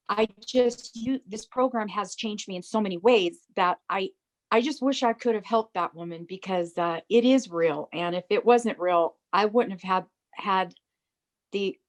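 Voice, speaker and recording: Woman, program client, heartfelt testimonial, middle pitch, acts out dialogue. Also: a little slow. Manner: earnest, tells the story by acting out dialogue. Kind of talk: emotional personal story.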